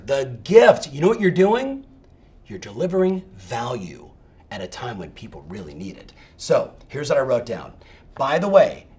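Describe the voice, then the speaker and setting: This energetic coaching talk for real estate agents comes from a middle-aged man with a fairly high-pitched voice. He sounds emphatic and fired up, regularly checking in with "right?".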